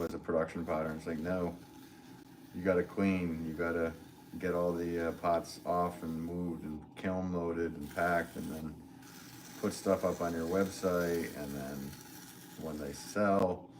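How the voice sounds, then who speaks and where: Deep-voiced man chatting through a pottery stream. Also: slight background noise. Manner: rambling and friendly, reads chat comments aloud. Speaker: potter hosting a live stream. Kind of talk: casual live-stream chat and demonstration.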